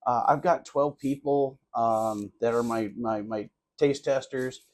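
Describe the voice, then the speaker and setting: A man's voice: medium pitch, fairly even intonation, unhurried, darkish tone. Rambling man chatting about baking. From California. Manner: rambling, lots of fillers and restarts. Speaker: guest, cookie business owner. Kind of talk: casual interview chat.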